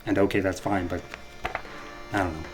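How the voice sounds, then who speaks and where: A man's voice: sits low, steady tone, moderate pace, over music. Casual man recapping a comic book. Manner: loose, rambling summary with asides.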